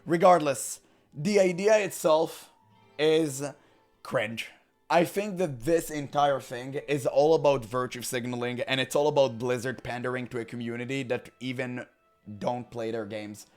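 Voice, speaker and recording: Hoarse, voice-cracking male commentator ranting. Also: mid-range voice, fairly even intonation, moderate pace, darkish tone, soft background music. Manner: emphatic and exasperated. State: hoarse from illness. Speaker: gaming commentary host.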